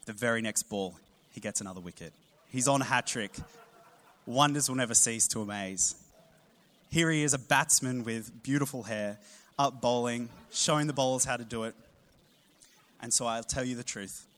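A man, preaching a sermon with humorous storytelling and animated emphasis. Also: medium pitch, normal speed, long pauses. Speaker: pastor.

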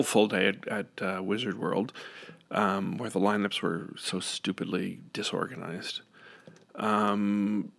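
A man's voice: lowish voice, vocal fry, pushed and bright. A man telling a casual, rambling story into a close microphone, often correcting himself and laughing. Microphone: studio microphone up close.

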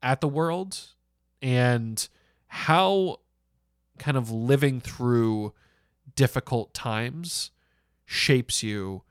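A man's voice: medium pitch, extremely slow, long pauses, smooth, no room sound. Chatty young man, dry close mic. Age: young adult. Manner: animated, laughs often, many fillers. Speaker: podcast co-host. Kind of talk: casual podcast chat.

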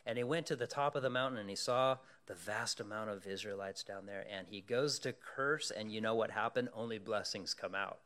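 A male pastor preaching a sermon, telling a story in an animated way and asking the congregation questions. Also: on the low side, fairly quick, hardly any pauses.

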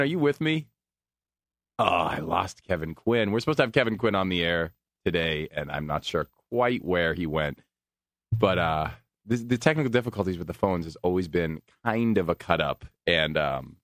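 An American man hosting a sports radio talk show, ranting and joking in an animated, self-mocking way. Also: sits low, no room sound, studio quality.

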